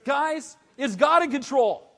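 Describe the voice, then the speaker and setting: A man preaching a sermon as pastor, animated and conversational, with casual slang. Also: extremely high pitch, slow pace. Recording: long hall reverb.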